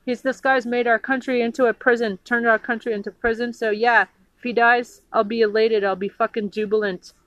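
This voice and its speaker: Woman, indignant profane rant, halting restarts, higher voice, dry close sound. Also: level tone, a bit bright, no echo, lo-fi sound. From United States. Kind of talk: angry political rant.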